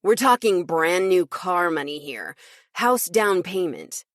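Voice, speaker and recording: A woman's voice: fairly low pitch, very animated, slow pace, no echo. Lady narrator doing a flamboyant gossipy guy, gleeful and theatrical, dry close mic.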